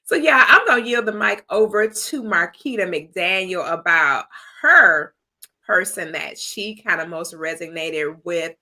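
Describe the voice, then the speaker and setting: A woman's voice: on the low side, unhurried, pushed and bright. A woman hosting a livestream with a sassy, exuberant manner, full of slang and laughter. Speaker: host of an author celebration livestream. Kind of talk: casual chat. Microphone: streaming mic.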